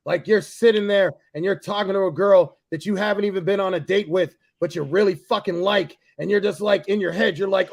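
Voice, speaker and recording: A man in casual podcast chat, loud and profane, who bursts into shouting. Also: high-pitched, a little fast, gravelly, hardly any pauses. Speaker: comic book writer and comedian guest.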